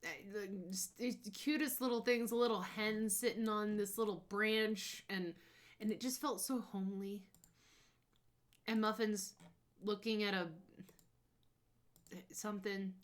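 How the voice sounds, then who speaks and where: A young woman streamer chatting casually over her travel photos, bubbly and gushing, breaking into excited squeals. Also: medium pitch, measured pace, pauses often.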